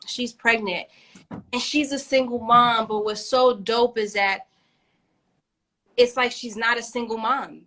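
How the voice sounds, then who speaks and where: A woman co-hosting a casual chat, animated and frank, swearing freely and laughing often. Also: on the high side. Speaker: podcast co-host.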